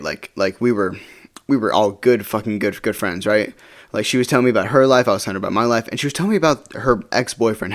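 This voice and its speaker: Young guy rambling thru a storytime, talks super fast, keeps going "right?", swears a bunch. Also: medium pitch. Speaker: storytime vlogger. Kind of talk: casual storytime monologue.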